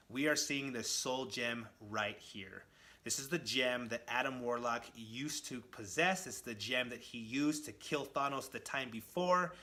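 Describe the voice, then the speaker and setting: An enthusiastic man walks through a comic book story, pointing out panels and speaking straight to his viewers. His voice sits at an ordinary male pitch. It has a bright, forceful tone. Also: unhurried. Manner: enthusiastic, addresses viewers directly. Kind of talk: casual comic book retelling.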